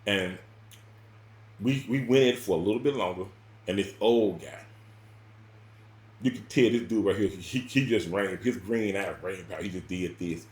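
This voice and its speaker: A man telling a personal story in casual spoken style, rambling and repeating words, with sudden loud bursts and quiet drops. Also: lowish voice, moderate pace, long pauses, roomy sound.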